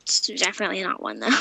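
A woman chatting casually while playing a game, excitable, squealing and giggly. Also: medium pitch, a little fast, creaky, husky, no room sound. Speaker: gamer. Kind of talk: casual gameplay chat.

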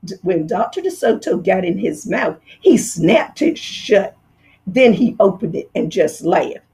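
Slow, lively woman reading a storybook. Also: medium pitch. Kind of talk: children's book read-aloud.

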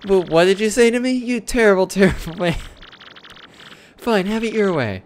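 A man's voice: sits high, expressive, normal speed. A man voicing a lovestruck, melodramatic young female tree-creature who pleads and swoons. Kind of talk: reading game dialogue in character.

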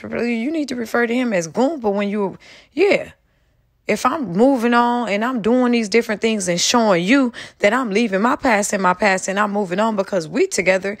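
A woman's voice: fairly high pitch, no room sound, studio quality. Fired-up woman ranting to her viewers. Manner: angry, profane, talks straight to viewers. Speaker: commentary channel host. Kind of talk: heated casual commentary.

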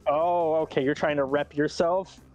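A man playing a fighting game with a friend, swearing a lot and yelling in frustration. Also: on the high side, steady tone, moderate pace, lo-fi sound, faint music behind. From Latino. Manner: swears constantly, yells in frustration. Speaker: gaming YouTuber. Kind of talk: casual gameplay banter.

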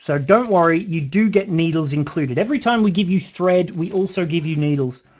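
A man with a British accent hosts a live beading tutorial, chatting casually with viewers and counting beads out loud as he works. His voice is on the high side, expressive and darkish, a little fast with few pauses, and the lo-fi recording sounds slightly dull, with a bit of background noise.

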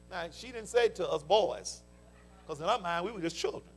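An older pastor with a Southern US accent, preaching a fervent sermon with folksy stories and call-and-response interjections. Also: male voice, high-pitched, a little fast. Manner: folksy storytelling. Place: church sanctuary.

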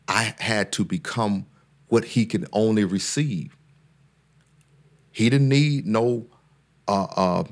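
Deep gravelly-voiced man, earnest storyteller. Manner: earnest, preacher-like cadence that rises when making a point; repeats words and restarts often. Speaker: therapist and guest speaker. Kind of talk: casual podcast conversation.

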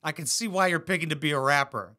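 A man's voice: a little high, fast talker, bright, forceful tone. A man hosting a reaction video, roasting clips with sarcastic, profane commentary. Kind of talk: mocking commentary over clips.

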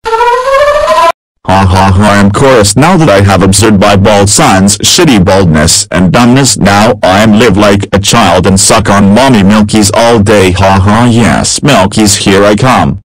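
A man's voice: lowish voice, unhurried, hardly any pauses, no echo, close to an everyday voice, low-quality recording. A man voicing a foul-mouthed furious cartoon dad. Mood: ranting. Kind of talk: grounded-video text-to-speech voice.

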